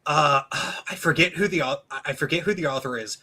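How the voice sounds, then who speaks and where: A man's voice: a little high, normal speed, pushed and bright, poor audio. A man chatting casually on a stream, stumbling over restarts and slipping into a mock announcer voice to quote books. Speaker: podcast guest.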